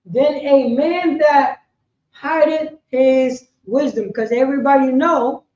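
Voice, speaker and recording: A woman leads a class in a high voice. She preaches emphatically and repeats herself, jumping between loud bursts and quiet asides. She sounds muffled and lo-fi, in an echoey room. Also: slow pace. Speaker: class teacher.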